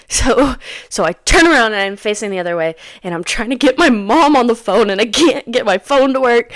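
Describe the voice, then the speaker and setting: A woman's voice: lowish voice, no echo, clean studio sound. A young woman in her twenties hosting a podcast, telling a story in a casual, dramatic way, repeating phrases and dropping into whispers for emphasis. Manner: animated, dramatic retelling with sudden whispers and cries; repeats phrases for emphasis, says "dude" and "girl". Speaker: podcast host.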